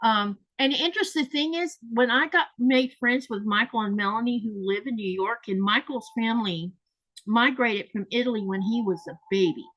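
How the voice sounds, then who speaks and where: Woman, livestream host, higher-pitched, chatty, reads chat aloud. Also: normal speed, a bit bright, low-quality recording. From Southern United States. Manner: chatty, reads viewer comments aloud and laughs often.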